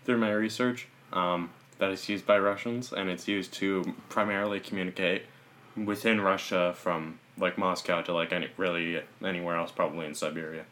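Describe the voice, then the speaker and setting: A man co-hosting a podcast in casual chat, throwing in quick wisecracks. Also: low voice, fairly even intonation, fairly bright tone. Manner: wisecracking, quick jokey asides. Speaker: podcast co-host.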